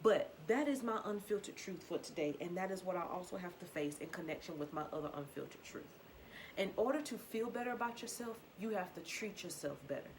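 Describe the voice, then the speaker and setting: A young woman, speaking in a fairly low voice. She talks earnestly and openly about herself, circling back to the same points and asking the listener questions. A faint hum of ambience sits under her voice. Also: lively intonation, fairly quick, low-quality recording. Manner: earnest, repetitive and confessional, with rhetorical questions. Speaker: faith vlogger. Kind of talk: candid personal testimony.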